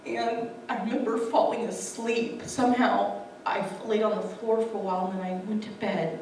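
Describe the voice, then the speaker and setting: A woman's voice: mid-range voice, moderate pace, a little mellow, slight background noise. Earnest woman storyteller in echoey hall. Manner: earnest, acts out quoted dialogue. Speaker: speaker sharing her testimony. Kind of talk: emotional personal storytelling. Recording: echoey room, distant mic.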